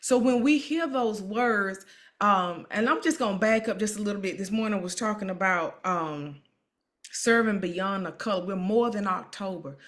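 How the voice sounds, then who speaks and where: Hosting an emotional live-stream interview, a woman speaks at normal speed in a mid-range, somewhat bright voice. Her style is encouraging, with frequent repetition.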